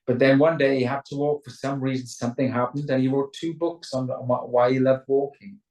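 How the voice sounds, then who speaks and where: A man's voice: medium pitch, fairly even intonation, brisk, darkish tone. Welsh guy rambling on a zoom call, lots of restarts, sounds a bit far off in an echoey room. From Wales. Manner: chatty, rambling, stammers into restarts, mimics voices. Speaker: rock singer, interview guest. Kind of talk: casual video call interview. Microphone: video call.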